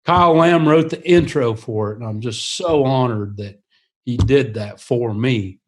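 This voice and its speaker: Guy guest on a podcast, earnest, mid pitched voice, laughs as he tells stories. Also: a little slow, slight background noise. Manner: earnest, laughs often while talking. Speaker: guest, attack helicopter pilot and author. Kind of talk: casual podcast storytelling.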